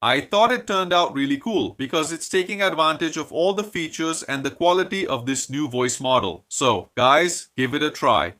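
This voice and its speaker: A man from Brazil hosting a software tutorial, explaining each step and talking straight to his viewers. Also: on the high side, lively intonation, moderate pace, few pauses, no echo, studio quality. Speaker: tech tutorial host. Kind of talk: screen-recorded software tutorial.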